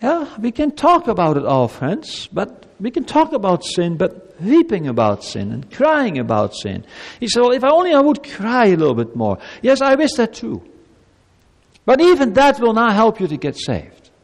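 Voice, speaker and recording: A male pastor preaching an earnest sermon to children and a congregation. He swings between loud emphatic lines and soft, low asides. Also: huge pitch swings, a little slow. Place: church. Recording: long hall reverb.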